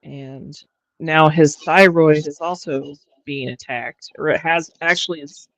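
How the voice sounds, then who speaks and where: A woman hosting a livestream, chatting casually in a halting way with frequent restarts and fillers. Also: low voice, fairly even intonation, no room sound, rough recording. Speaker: livestream host. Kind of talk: casual chat.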